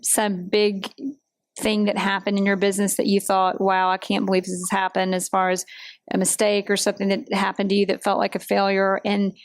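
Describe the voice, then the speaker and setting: A woman's voice: medium pitch, completely flat delivery, fairly quick, dry recording. Encouraging woman hosting an interview. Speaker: host. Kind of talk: casual interview talk.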